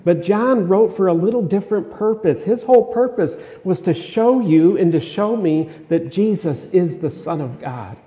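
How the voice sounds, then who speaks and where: A man's voice: high-pitched, lively intonation, moderate pace, hardly any pauses, dark tone. A middle-aged man preaching a sermon in a conversational, emphatic way, repeating his key phrases. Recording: dull sound with long hall reverb.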